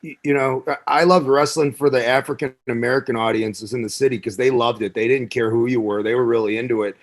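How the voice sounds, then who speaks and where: A man's voice: medium pitch, fast. Laid-back man musing with "you know"s. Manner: relaxed, reflective, peppered with "you know". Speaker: guest, former wrestler and bouncer. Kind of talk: casual interview chat.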